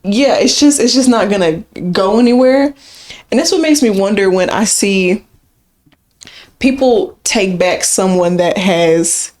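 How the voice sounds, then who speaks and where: A woman's voice: medium pitch, a little mellow. Chatty candid woman podcast co-host. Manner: candid, chatty, laughs easily, sometimes rushes. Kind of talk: casual podcast chat.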